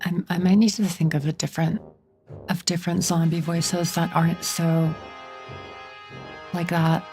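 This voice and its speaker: A woman's voice: on the low side, flat delivery, normal speed, a little mellow, faint music behind. A woman streamer making wry, joking asides while playing through a game. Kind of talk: game playthrough commentary.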